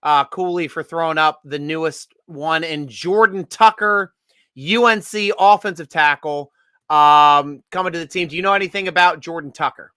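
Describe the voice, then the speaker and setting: A man's voice: fairly high pitch, moderate pace, pushed and bright, clean tone, no room sound. A man hosting a casual sports draft show, joking and rambling, laughing often. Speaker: podcast host.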